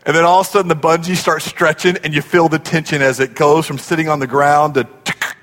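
A man preaching a sermon in a church, telling stories in an animated way and acting out the voices in them. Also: on the high side, brisk. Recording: long hall reverb.

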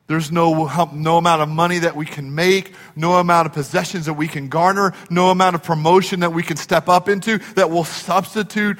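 A man preaching a sermon as pastor, impassioned and building to near shouts on key phrases. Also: on the high side, brisk, in a large hall.

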